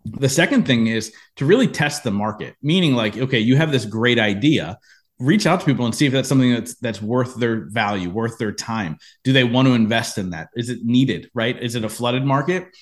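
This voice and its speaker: A man in a podcast interview, telling a personal business story with lively acted-out quotes. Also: mid-range voice, brisk. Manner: animated storyteller, acts out quoted lines. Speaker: podcast guest, entrepreneur.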